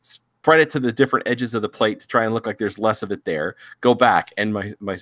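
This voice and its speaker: Low-voiced middle-aged man rambling. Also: fast talker, a bit bright, no room sound, studio quality. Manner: rambling, many restarts, chuckling. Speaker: host. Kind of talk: casual chat.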